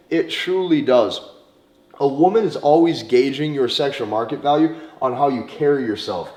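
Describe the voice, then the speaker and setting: A man's voice: a little high, lively intonation, moderate pace, darkish tone. Emphatic man coaching in an echoey room. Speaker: dating coach. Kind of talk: direct advice monologue. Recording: roomy echo.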